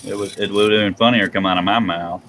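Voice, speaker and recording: A man's voice: lowish voice, fairly even intonation, fast talker, fairly bright tone, slight background noise, low-quality recording. A man co-hosting a live stream in casual chat, wisecracking and teasing.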